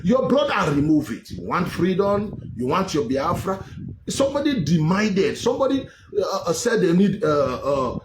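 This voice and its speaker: Speaking in a high voice over slight background noise, a Nigerian man delivers heated political commentary on his online show. He argues by scolding listeners and repeating points, recording at home in Europe in an echoey room with faint ambience.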